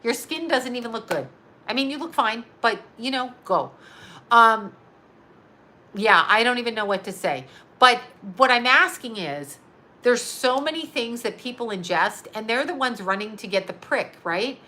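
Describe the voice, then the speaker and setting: Middle-aged woman host, sharp bright voice, sarcastic, heated rant with swearing. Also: fairly high pitch, expressive, moderate pace, slight background noise. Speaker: psychic medium and live show host. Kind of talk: casual rant to a live audience.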